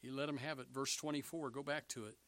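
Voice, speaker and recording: Animated preacher man with a bright voice. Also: mid-range voice, fast. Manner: animated, swings between shouting and hushed asides. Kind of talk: sermon.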